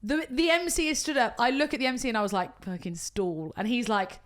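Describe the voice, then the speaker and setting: A British woman and wedding coordinator, co-hosting a podcast and telling an animated story full of acted-out quotes. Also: on the high side, brisk, few pauses. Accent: British English. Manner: animated storytelling, acts out quotes, swears casually. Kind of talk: casual chat, storytelling.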